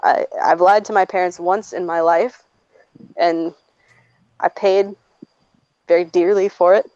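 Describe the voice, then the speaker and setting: A woman's voice: lowish voice, steady tone, a little slow, a little mellow, no room sound. A woman in her twenties chatting casually and telling personal stories, blunt and profane, often laughing as she talks. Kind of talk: casual chat, personal storytelling. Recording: slightly dull, dry recording.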